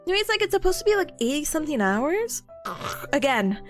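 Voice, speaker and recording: A woman's voice: sits high, big pitch swings, a little fast, soft background music. A young woman VTuber chatting casually with her stream chat, bubbly and giggly, rambling between topics.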